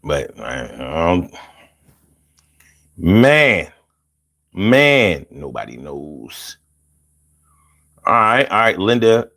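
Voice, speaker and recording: A man hosting a casual call-in show, animated and playful, chanting lines rhythmically and chatting with viewers. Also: sits low, very slow, vocal fry, long pauses. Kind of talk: casual livestream talk.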